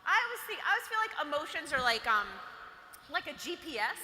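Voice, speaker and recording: A woman's voice: high-pitched, big pitch swings, quick pace, pushed and bright. A woman giving a playful, chatty motivational talk to a live audience of girls. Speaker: workshop speaker for girls. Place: large hall. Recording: echoey hall with long reverb.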